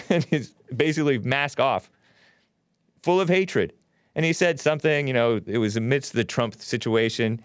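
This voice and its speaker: A man's voice: mid-range voice, measured pace, long pauses, clean tone, dry recording, studio quality. A man hosting a talk show, delivering a rambling, opinionated monologue with frequent restarts. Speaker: host.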